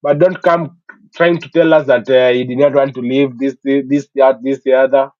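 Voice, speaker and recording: A man's voice: mid-range voice, little pitch movement, moderate pace, dry recording. A man hosting a casual football chat stream, talking in an emphatic, opinionated way with many "you know" fillers. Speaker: sports talk stream host. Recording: dull lo-fi dry sound.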